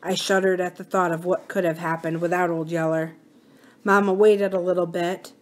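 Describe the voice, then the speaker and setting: A woman's voice: fairly low pitch, flat delivery, moderate pace. Woman reading a storybook aloud. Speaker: library story reader.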